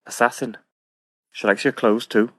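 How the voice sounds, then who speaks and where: An actor playing a sardonic Scottish outlaw with a put-on, inauthentic Scottish accent, dry and matter-of-fact. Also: male voice, medium pitch, little pitch movement, normal speed, fairly bright tone, slightly rough, no room sound. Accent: attempted Scottish, not authentic. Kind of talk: comic audio drama acting.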